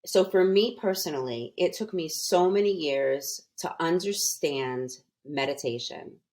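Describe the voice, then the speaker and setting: Older female podcast guest, low-pitched, earnest and emphatic. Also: unhurried, a little mellow. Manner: earnest, emphatic, with frequent restarts. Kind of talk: casual podcast conversation.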